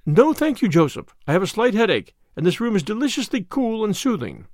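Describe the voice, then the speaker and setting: A man voices a gentle, well-mannered young woman from a classic detective tale. Her lines sit up high and bounce lightly. The sound is close and dry. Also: big pitch swings, fairly quick, no echo. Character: young woman, soft-spoken and obedient.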